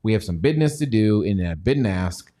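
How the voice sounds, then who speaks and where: A man's voice: on the low side, animated, a little fast, mellow. A man hosting a livestream, joking around and reading viewer comments aloud in rambling, casual banter. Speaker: livestream host.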